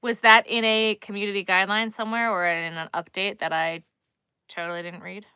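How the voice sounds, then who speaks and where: A woman's voice: mid-range voice, little pitch movement, fairly quick, pushed and bright, smooth, no room sound. A woman with a Long Island accent hosting a crochet live stream, chatting casually and thinking aloud as she works and reads the chat.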